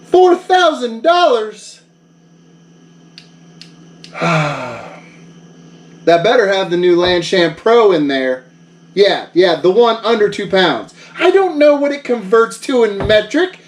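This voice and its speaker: A man's voice: high-pitched, lively intonation, normal speed, far from the mic, a little hiss or hum. A man who runs a vlog, bragging and bossing people around in a jokey one-sided phone call. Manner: boastful, mock-bossy, joking. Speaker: vlogger.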